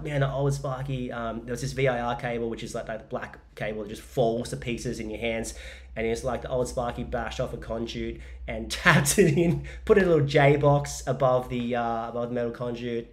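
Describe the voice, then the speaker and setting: An Australian man talks through a relaxed podcast monologue, drifting between stories and business advice. His voice sits at an ordinary middle pitch, and he rambles with plenty of fillers and jokes. He sounds like a man in his forties chatting casually. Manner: rambling, jokey storytelling with many fillers. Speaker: podcast host and business coach.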